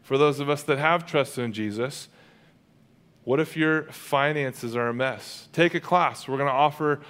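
Male pastor, everyday conversational sermon, jokey then fervent, mid-pitched voice. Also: measured pace. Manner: casual and humorous, swelling to loud fervent preaching.

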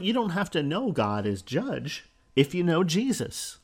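A man's voice: on the high side, huge pitch swings, unhurried, breathy edge. A man giving a spoken Bible teaching on his podcast, earnest, quoting scripture and pushing key words up with emphasis. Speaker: podcast preacher.

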